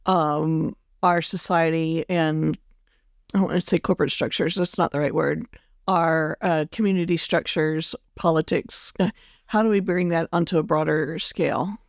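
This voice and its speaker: A woman hosting a casual conversation, chatty and quick to finish her guest's sentences. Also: deep voice, steady tone, dry recording, clean studio sound. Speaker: podcast host.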